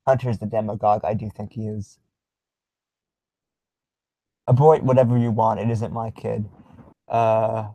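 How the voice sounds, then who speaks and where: A young man hosting a casual livestream, reading viewer comments aloud in a halting way with many filler ums and small chuckles. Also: fairly low pitch, darkish tone, no echo, rough recording.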